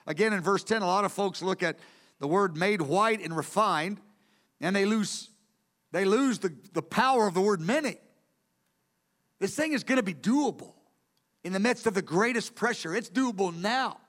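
High-voiced man teaching a sermon. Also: expressive, moderate pace, fairly bright tone. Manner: earnest, emphatic, repeats key words for stress. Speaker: Bible teacher. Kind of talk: teaching sermon from lecture notes.

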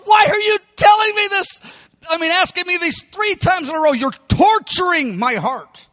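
A man preaching a sermon voices Peter as a remorseful grown disciple, halting and pleading, sometimes mumbling. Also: high-pitched, big pitch swings, long reverb tail, exaggerated voice. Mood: grieved. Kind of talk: sermon storytelling.

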